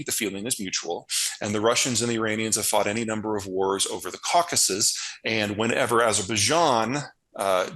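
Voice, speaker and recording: Blunt, emphatic man, low voice. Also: bright, forceful tone, low-quality recording. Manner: blunt, emphatic, stacks repeated phrases for stress. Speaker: guest analyst. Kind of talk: interview answers, casual explanation.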